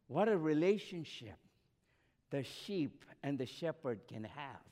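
A man delivering a sermon in a high voice, building phrases in repeated runs. He swells and then drops to near whispers. His voice carries a long reverb from a church hall. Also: very animated, slow pace, mellow. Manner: repetitive preaching cadence, swelling and dropping to near whispers. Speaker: pastor.

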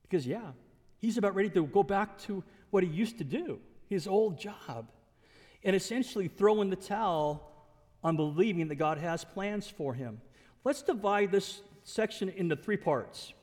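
A man preaching a sermon in an animated way, acting out characters and chuckling often. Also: high voice, moderate pace, in a large hall.

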